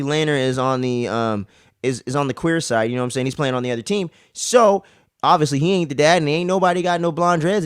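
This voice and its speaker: Slangy, animated young man with a fairly high voice. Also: no room sound, studio quality. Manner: slangy and profane, animated retelling. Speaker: recap show host. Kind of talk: casual recap talk.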